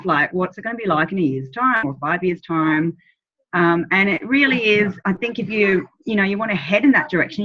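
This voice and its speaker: A tired woman sharing on a video call, rambling and apologetic. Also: on the low side. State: tired after a long drive. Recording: dull lo-fi call audio.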